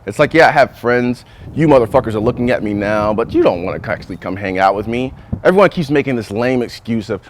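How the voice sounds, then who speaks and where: A man's voice: medium pitch, animated, fairly quick, slight background noise. A young man doing a crude, rambling stand-up routine who keeps saying "you know what I'm saying.". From North Carolina. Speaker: stand-up comedian. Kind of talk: profane stand-up monologue.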